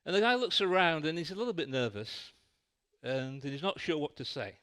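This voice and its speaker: A man's voice: a little high, big pitch swings, moderate pace, fairly bright tone. A man preaching a sermon in a church, telling a light-hearted story.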